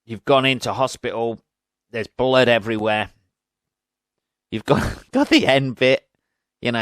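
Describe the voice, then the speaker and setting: Male podcast host, crude and rambling, mid-low voice, dry close mic. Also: fairly bright tone, clear, resonant tone, no echo. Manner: crude, rambling, laughs at own jokes. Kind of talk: casual comedic monologue.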